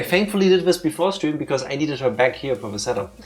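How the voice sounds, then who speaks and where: A man hosts a live game stream, rambling and teasing his co-host in casual chat. His voice sits at an ordinary middle pitch. Faint music plays underneath. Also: lively intonation, quick pace. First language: German.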